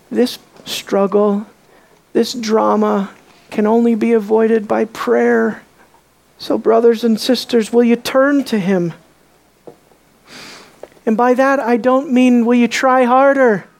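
A woman preaching a sermon, emphatic and full of rhetorical questions, dropping to a hush on key words. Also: a little high, fairly even intonation, takes it slowly, creaky, pauses often.

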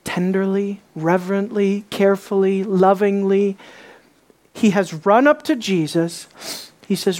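A preacher giving a sermon, animated, who often restarts and repeats words, asks many rhetorical questions and swings from loud emphasis to quiet intensity. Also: mid-range voice, measured pace.

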